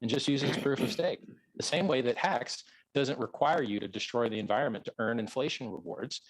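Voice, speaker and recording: A man arguing emphatically in a live-streamed debate, repeating phrases like a salesman, on a close mic that clips when he gets loud. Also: medium pitch, fairly quick, dry recording, poor audio. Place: outdoors.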